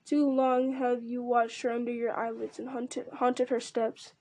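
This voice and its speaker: A woman's voice: a little high, flat delivery, a little slow, a little mellow, no echo. A woman reading aloud as a stern old male wizard who rebukes sharply. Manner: piercing, rebuking.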